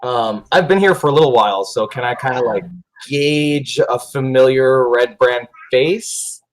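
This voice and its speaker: A man's voice: mid-range voice, a little slow, low-quality recording. A man playing a tabletop game, chatty and hesitant, with many fillers. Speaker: player. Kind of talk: casual tabletop game play.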